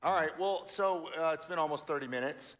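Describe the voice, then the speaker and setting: A man co-hosting a church show, chatting in a relaxed, friendly way and signing off to viewers with fillers like uh and um. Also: on the high side, fairly quick. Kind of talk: casual chat and sign-off. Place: large empty church auditorium.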